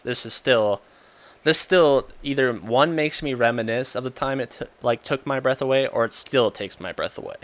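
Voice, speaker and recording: A man's voice: mid-range voice, a bit bright. A man talking casually about video games, rambling with lots of fillers and restarts. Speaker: podcast co-host. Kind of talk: casual gaming chat.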